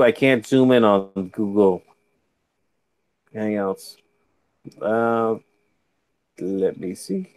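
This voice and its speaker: Slow, tired man hosting a livestream. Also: fairly low pitch, a little mellow, smooth, dry recording. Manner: laid-back, drawling, jokey. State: tired, yawning. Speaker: fishkeeping livestream host. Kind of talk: casual livestream chat, reading viewer comments. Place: home, during a video-call livestream. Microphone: computer mic.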